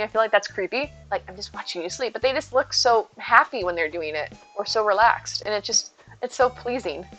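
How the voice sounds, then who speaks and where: This woman's voice is medium in pitch with a fairly bright tone. She's a live streamer casually talking with viewers as she plays, describing her cat in a sweet way.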